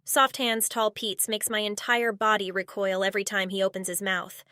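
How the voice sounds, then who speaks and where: A woman's voice: mid-range voice, little pitch movement, moderate pace, pushed and bright, clean tone, dry recording, clean studio sound. A woman narrating a commentary video in a blunt, sarcastic scripted voice-over. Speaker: commentary YouTuber.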